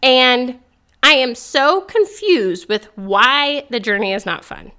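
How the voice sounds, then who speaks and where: Young female podcast host, faith talk, upbeat and earnest, slightly high voice. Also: slow, smooth. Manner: earnest, upbeat, laughs often, excitable rises.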